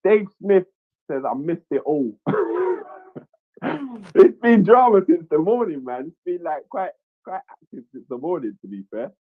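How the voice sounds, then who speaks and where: A man's voice: sits high, animated, moderate pace, dry recording, phone-quality sound. A man hosting a casual live stream, reading the chat aloud and often repeating his own lines. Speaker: livestream host.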